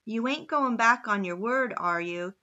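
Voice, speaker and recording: A woman voicing a loud, brash frontier auctioneer who rattles off repeated bids. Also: high voice, a little slow, highs cut off, heavily acted. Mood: teasing.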